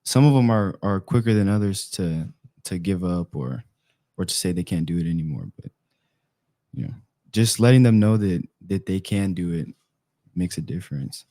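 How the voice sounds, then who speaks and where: A young man, a football player, speaks in a low, mellow voice. He talks hesitantly and pauses often. The recording sounds dry and close. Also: expressive, dry recording. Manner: hesitant, halting, with many "like"s. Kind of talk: casual interview chat.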